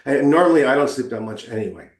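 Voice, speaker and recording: A man's voice: mid-range voice, expressive, fast talker. Earnest man telling his story, roomy sound. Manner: earnest, emotional, acts out quoted dialogue. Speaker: guest. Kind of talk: storytelling in conversation. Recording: roomy echo.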